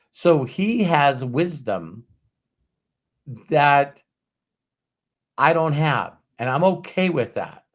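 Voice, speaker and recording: A middle-aged man hosts a motivational show in a loose, storytelling way. He acts out what other people said and drops the odd swear word, his pitch ranging widely as he goes. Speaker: host. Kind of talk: motivational talk.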